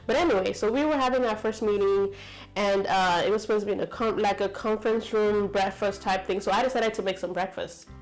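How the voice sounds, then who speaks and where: A woman's voice: mid-range voice, fairly quick, rough recording. A woman from the United States telling a story to camera in a chatty, rambling way, full of fillers and asides. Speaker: vlogger.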